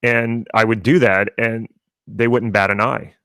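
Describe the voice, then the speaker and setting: An NLP coach from rural South Louisiana, USA, rambles conversationally on a live stream, restarting often. His General American accent is mostly neutral, and his voice sits on the low side, a bit bright, delivered flatly and a little slowly. The studio-quality recording has no echo.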